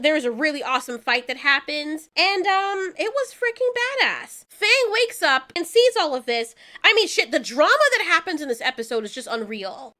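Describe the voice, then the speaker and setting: A woman reviewing an animated show in casual chat, animated and swearing freely as she acts out the characters' lines. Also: extremely high pitch.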